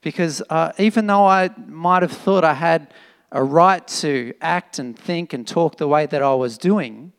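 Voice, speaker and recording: A man preaching a sermon in an animated, emphatic, conversational way, with fillers and restarts. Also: fairly high pitch, measured pace, clean tone. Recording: long reverb of a hall.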